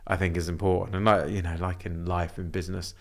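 A young man speaking as a podcast guest, talking in a relaxed, reflective way with loose, meandering phrasing. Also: sits low, quick pace. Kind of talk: casual conversation.

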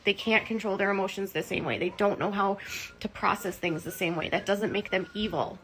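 A woman's voice: medium pitch, a little fast, fairly bright tone, a little hiss or hum, low-quality recording. An emotional woman hosting a livestream, talking in an impassioned, indignant, rambling way with fillers. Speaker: livestream host.

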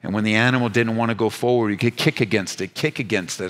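A man preaching a sermon as pastor, earnest and emphatic, rising to urgent peaks and dropping to hushed, low asides. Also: fast talker. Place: church sanctuary. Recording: church hall with long reverb.

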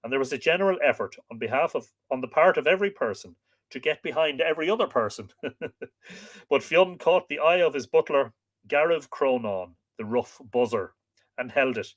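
A man hosting a livestream, reading an old tale aloud with expressive, lilting storytelling. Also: mid-range voice, normal speed. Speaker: host.

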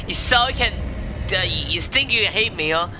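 A man's voice: sits high, expressive, a little slow. A man giving panicky live gameplay commentary, yelping and repeating words as he plays. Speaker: gaming YouTuber. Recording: loud game noise behind the voice.

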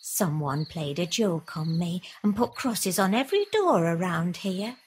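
A dutiful royal servant. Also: female voice, lowish voice, big pitch swings, unhurried, slight background noise. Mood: eager.

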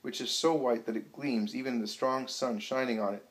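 A man narrating a book aloud, measured, with small slips. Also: mid-range voice, fairly even intonation, rough recording.

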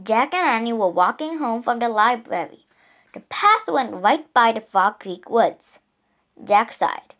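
Woman narrator for a children's storybook, slow and unhurried, expressive. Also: on the high side.

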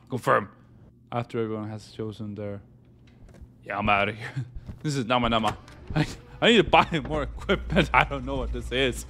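A man giving jokey let's-play commentary on a horror game, talking to himself and breaking into panicked yelling. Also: fairly low pitch, moderate pace. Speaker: gaming YouTuber.

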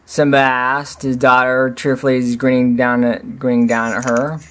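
Man narrator, fan story, halting, restarts, mid pitch. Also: level tone, fairly bright tone. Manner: halting, stumbling reading. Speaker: reader.

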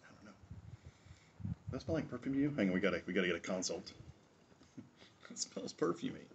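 A man's voice: low-pitched, expressive, fast talker, lo-fi sound, a little hiss or hum. A man hosting a casual drinks review show, rambling through a tasting with jokes, asides and chuckles.

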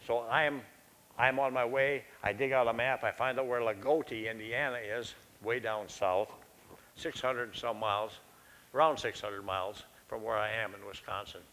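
A man's voice: medium pitch, steady tone, normal speed, a bit bright, rough recording. An older man preaching a sermon in a church, telling a personal story in a folksy, conversational and self-deprecating way.

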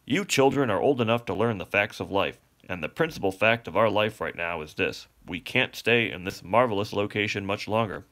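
A man's voice: lowish voice, animated, a little fast, few pauses, fairly bright tone. A man voicing a long-winded, pompous father swan in a storybook reading, delivering grand lecturing speeches. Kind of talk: storybook read-aloud.

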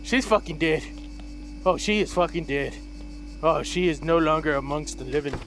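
A man's voice: on the high side, normal speed, a bit bright. A man doing let's play commentary, jumpy and profane, shrieking when startled and muttering repeated nervous words. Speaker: gameplay commentator. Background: game music.

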